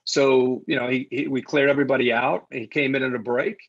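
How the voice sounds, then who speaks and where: A man telling a lively story as a guest in a casual interview, acting out the quotes he tells. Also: mid-range voice, fairly quick, no echo, dull audio. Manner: animated anecdote-teller, acts out quotes. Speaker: sports broadcaster guest.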